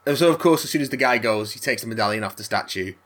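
A man recapping a film in casual chat, rambling with halting restarts and frequent laughs. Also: mid-range voice, expressive, a bit bright. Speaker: podcast co-host recapping a film.

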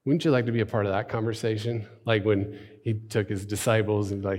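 A man's voice: lowish voice, brisk. Casual, chatty male pastor. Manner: relaxed, conversational, with many fillers and restarts. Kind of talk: informal sermon with scripture reading. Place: church sanctuary.

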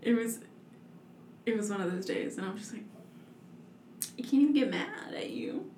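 A woman in her twenties telling a story in casual chat, animated and laughing, with lots of "like". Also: medium pitch, moderate pace, slight background noise. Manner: animated, laughing, heavy use of "like". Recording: echoey room.

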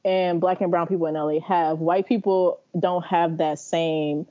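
A woman's voice: fairly low pitch, moderate pace, muffled recording. A woman from the Bay Area, a podcast guest chatting casually and animatedly, often laughing. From San Francisco Bay Area. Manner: animated, laughing, talks in long runs. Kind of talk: casual chat.

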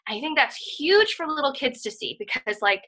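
A woman with a high, sing-song voice co-hosts a relaxed podcast conversation, sounding bright, forceful, earnest and excited at a moderate pace. Her talk rambles and is packed with fillers like "um" and "like," and the audio is poor.

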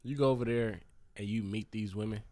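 A man's voice: lowish voice, fairly even intonation, a little fast, mellow, no echo. A man in a casual podcast chat, making his point emphatically and repeating himself to get the floor. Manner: emphatic, repeats words when cutting in. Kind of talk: casual group banter.

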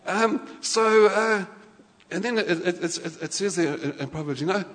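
An animated male preacher talks through his sermon like a chat with the congregation, restarting sentences as his thoughts run ahead. His voice sits a little high for a man. A long church-hall reverb trails after each phrase. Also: moderate pace.

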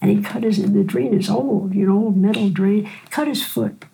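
Older lady telling stories, gravelly low-key warm voice, keeps saying right?. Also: rough recording. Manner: gentle unhurried storyteller, frequent "right?". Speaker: physician and teacher. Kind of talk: storytelling in a conversation.

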